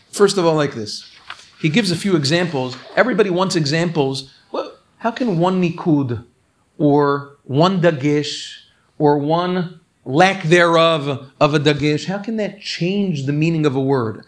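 A man with a somewhat high voice teaching a religious law class. He races through quoted passages and then slows to explain each point with earnest emphasis. He keeps calling on his listeners to pay close attention. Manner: earnest, rapid-fire reading of quoted texts then slower explaining. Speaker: Torah teacher.

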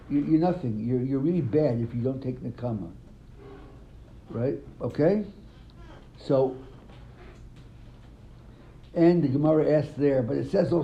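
A man's voice: mid-range voice, a little hiss or hum. A man teaching a Talmud class, quizzing his students and retelling stories animatedly, often repeating words. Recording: dull lo-fi sound, faint room ambience.

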